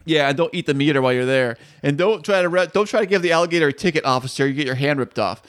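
A man's voice: on the high side, racing, a bit bright. Joking man co-hosting a podcast. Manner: jokey, rambling, reads items aloud. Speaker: podcast co-host. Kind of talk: casual comedic chat. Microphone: studio mic.

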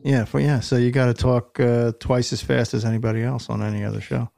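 A man hosts a casual conversation with a gravelly, fry-edged voice and dry quips. The sound is close and dead, with no room around it. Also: mid-range voice, little pitch movement, a little fast, dark tone, no room sound. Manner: wry, joking, steers the talk. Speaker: podcast host. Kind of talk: casual chat.

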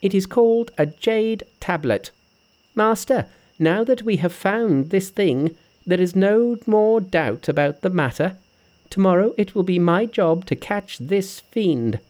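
A man puts on a cocky, swaggering monkey hero for a storybook reading, pitching his voice up and speaking louder and with more push than his narration. The delivery is brash and sure of itself and rises and falls a lot, with a mellow, dark tone underneath. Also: a little slow. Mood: boastful. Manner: brash and confident, lively. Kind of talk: audiobook character voice.

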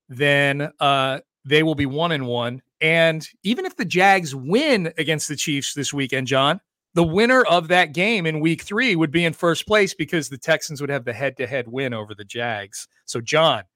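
A man hosting a sports talk podcast, chatty and energetic, talking quickly about football. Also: fairly high pitch, dry recording, clean studio sound. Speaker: podcast host.

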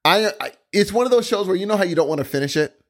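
A man talking casually about a series he loves. His voice sits a little high and swings widely as he gets excited, exclaiming often and restarting sentences mid-thought. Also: racing. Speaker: co-host discussing a TV series. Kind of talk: casual chat.

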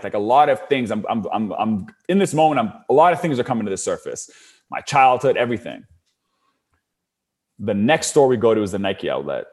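A young adult man casually telling a long personal story, with lots of "like" fillers and his voice rising when he gets worked up. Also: lowish voice. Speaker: storyteller guest.

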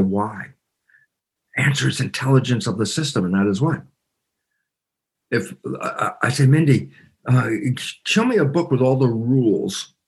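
An older man, a guest in an interview, explaining ideas through lively anecdotes and acting out the voices in them. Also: on the low side, husky. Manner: acts out voices in anecdotes, exclaims. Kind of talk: animated interview storytelling.

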